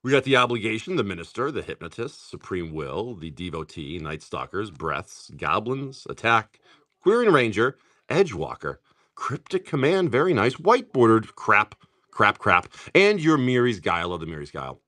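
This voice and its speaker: A man's voice: on the low side, sing-song, bright, forceful tone. A middle-aged man hosting a live stream, opening card packs, rattling off card names and telling joking stories in casual chat. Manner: rapid card-name rundowns mixed with joking stories.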